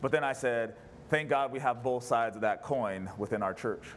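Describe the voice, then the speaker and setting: A man's voice: mid-range voice, normal speed, slight background noise. A pastor preaching a sermon in church, an impassioned man who fires off rhetorical questions. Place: church service.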